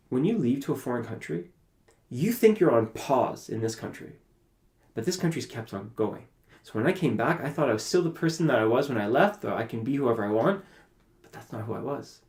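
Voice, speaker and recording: A man from Canada, a podcast guest, telling a personal story in an animated way and acting out his own past conversations. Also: medium pitch, creaky. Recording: roomy echoey room.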